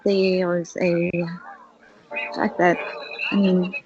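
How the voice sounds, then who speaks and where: A woman's voice: lowish voice, little pitch movement, drawn-out words, noisy background. A woman taking part as a player in a tabletop role-play, speaking hesitantly with many fillers. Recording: muffled lo-fi audio with faint music.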